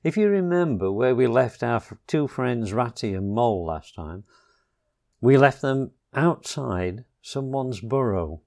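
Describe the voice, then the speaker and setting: A man reading a children's storybook chapter aloud, slow and expressive. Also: mid-range voice, creaky.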